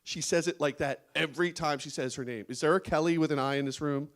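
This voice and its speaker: A man's voice: on the high side, fast. A man doing a stand-up comedy set on a small studio stage before a live audience, laughing at his own jokes.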